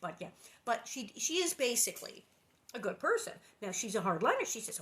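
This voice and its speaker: A woman reading a children's book aloud and breaking off for chatty, joking commentary, laughing often. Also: on the high side. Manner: animated, joking, laughs often, quick asides. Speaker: reader and commentator. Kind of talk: casual read-aloud with chatty asides.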